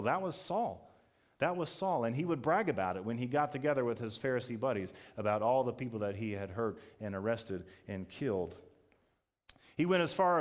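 A pastor giving a sermon, telling a story in a conversational way that builds to emphatic peaks. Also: male voice, medium pitch.

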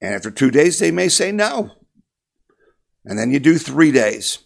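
A man's voice: a little high, very animated, measured pace, creaky. A man giving an impassioned political monologue as a talk host, emphatic and repetitive, rallying his listeners.

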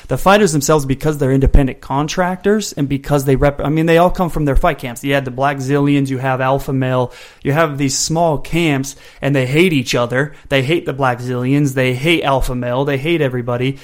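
A man in casual podcast conversation who brings a lawyer's angle to sports talk. He explains eagerly, reaching for history and constitutional comparisons. His voice sits at an ordinary male pitch. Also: a little fast, few pauses. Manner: animated, explains with legal and history analogies. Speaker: podcast co-host, attorney.

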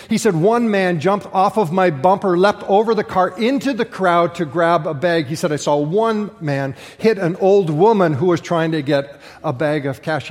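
A man preaching a sermon to his congregation, telling stories and joking with the room in an animated way. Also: fairly high pitch. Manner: animated storytelling with jokes to the congregation. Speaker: pastor. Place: large church hall. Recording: reverberant church hall.

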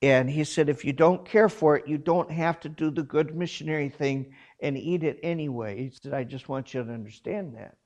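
A man's voice: a little high, normal speed, hardly any pauses. A man who grew up in South Korea, a missionary telling a funny anecdote and acting out the people in it. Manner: animated anecdote with quoted voices, chuckling. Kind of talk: storytelling talk.

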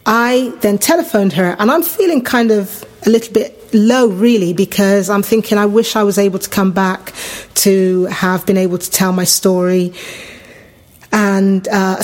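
Middle-aged English woman, podcast host, animated storyteller who jumps high when quoting others. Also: moderate pace. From England. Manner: animated, acts out quoted voices with big pitch jumps. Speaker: podcast host sharing her testimony. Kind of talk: personal storytelling.

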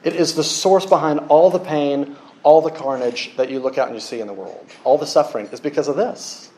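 A man preaching a sermon, lively and joking with the congregation. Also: a little high, fairly quick. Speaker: pastor.

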